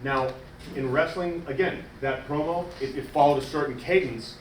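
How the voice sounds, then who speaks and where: A man coaching wrestling promos in casual, animated talk, demonstrating cadences and coaxing a student. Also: a little high, moderate pace, slight background noise. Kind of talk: casual teaching. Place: wrestling school training room. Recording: echoey room from far off.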